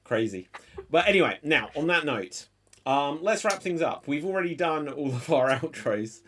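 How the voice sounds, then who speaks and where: A man's voice: on the high side, moderate pace, a little hiss or hum. A man hosting a live panel show, joking and acting out funny exchanges. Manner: animated, acts out exaggerated voices. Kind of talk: casual banter, comic anecdotes. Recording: voice a bit distant from the mic.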